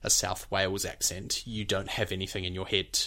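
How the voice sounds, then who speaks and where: Teacherly New Zealand man, lowish voice. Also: flat delivery, brisk, sharp tone. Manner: explanatory, teacherly, demonstrates speech sounds. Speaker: podcast co-host explaining accents. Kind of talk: casual podcast chat.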